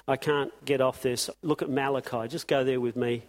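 A man's voice: mid-range voice, fairly even intonation, normal speed, few pauses. A man preaching an impassioned sermon to his congregation, firing off rhetorical questions. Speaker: pastor.

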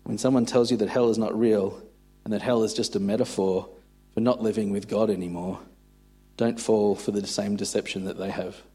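A man preaching a sermon and reading aloud in a grave, earnest, measured way. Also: on the low side, warm tone, husky.

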